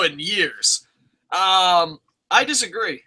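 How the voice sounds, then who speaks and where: A man's voice: on the high side, normal speed, pushed and bright. A young man co-hosting a casual wrestling review podcast, swearing constantly and acting out his reactions in profane rants. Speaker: podcast co-host.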